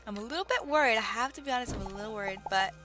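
A young woman giving excitable, gushing commentary while playing a video game, on a budget desktop mic. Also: a little high, rapid-fire, music in the background. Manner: excitable, gushing, lots of exclamations and laughs. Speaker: let's play host. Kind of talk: gaming commentary. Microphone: budget desktop mic with keyboard clicks. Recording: faint background noise, keyboard clicks.

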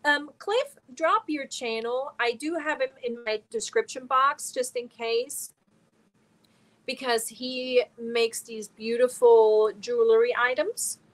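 A woman's voice: a little high, slow pace, low-quality recording. Earnest woman hosting a livestream chat. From Germany. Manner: earnest, openly emotional, reads viewer comments aloud. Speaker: crochet channel host.

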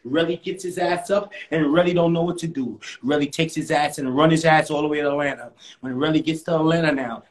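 A man narrates a joking mock eulogy in a theatrical, over-the-top way. His voice sits high, and the room rings with echo. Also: fairly quick, hardly any pauses. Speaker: comedic storyteller host. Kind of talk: mock funeral storytelling.

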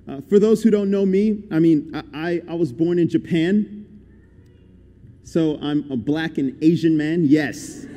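A man's voice: a little high, a little slow, warm tone. Young man preaching in an echoey hall. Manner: conversational, upbeat and encouraging. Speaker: guest preacher. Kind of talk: sermon. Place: church hall.

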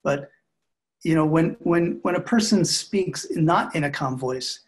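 A middle-aged man speaking as a marriage expert guest in a podcast interview, calm, measured and reflective in his delivery. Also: fairly high pitch.

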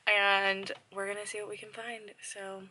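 A young woman in a casual shop-with-me vlog, chatty and excited, often dropping to a whisper, filmed on a handheld camera inside a thrift store. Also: mid-range voice, moderate pace. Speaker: vlogger. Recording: store noise in background.

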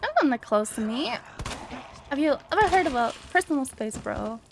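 A woman's voice: high voice, very animated, normal speed, gravelly, background noise. Chatty young woman gaming streamer. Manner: chatty, easily startled, reads notes aloud. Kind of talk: casual let's play commentary.

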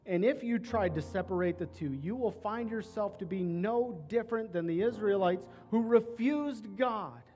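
A man, a pastor, preaching a sermon in a rhythmic way, repeating phrases, rising through lists and slowing on key words before closing in prayer. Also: sits high, darkish tone, a little hiss or hum.

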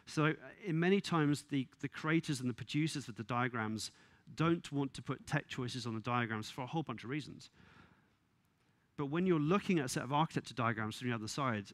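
A man giving a conference talk, wry and exasperated, with quick asides and laughs. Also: mid-range voice, no room sound. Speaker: conference speaker. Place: conference venue.

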